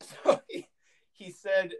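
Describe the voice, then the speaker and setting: A young man telling a rambling story in casual chat, laughing often and full of fillers and restarts. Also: takes it slowly.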